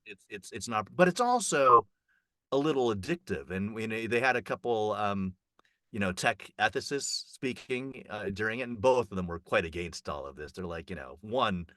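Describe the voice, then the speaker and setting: A chatty man with a bright, forceful voice, recorded dry and close. He rambles through a festival report with plenty of fillers and restarts. His pitch leaps up when something excites him, though his voice sits fairly low. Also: normal speed, no room sound. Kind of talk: casual conversational report.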